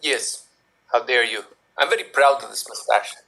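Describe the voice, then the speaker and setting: A man's voice: mid-range voice, normal speed, creaky, crowd noise, natural voice. A man playing a boastful, money-mad mustached character in a put-on Salvadoran accent, blustering and indignant in live improv.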